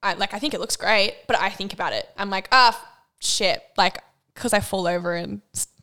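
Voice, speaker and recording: A woman's voice: medium pitch, steady tone, fairly quick, fairly bright tone, clean tone. A young woman co-hosting a casual chat podcast, talking freely, laughing often and swearing now and then. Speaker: podcast co-host.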